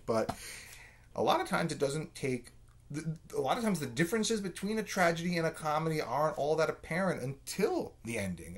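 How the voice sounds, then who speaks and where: A man giving a conversational literature lecture, full of fillers and "right?" check-ins. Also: medium pitch. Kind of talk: recorded lecture.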